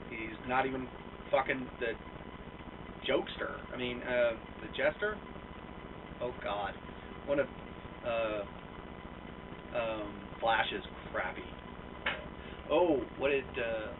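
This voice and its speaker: In a tinny, lo-fi off-mic recording with background noise and a distant mic, a young American man with a medium-pitched voice vlogs casually. He rambles through a profane story, mocking himself and leaning heavily on fillers.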